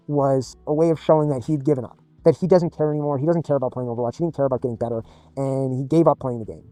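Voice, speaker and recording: A man's voice: mid-range voice, dark tone, no echo. A man telling a rambling personal story in blunt, profane, casual speech as a gaming video creator.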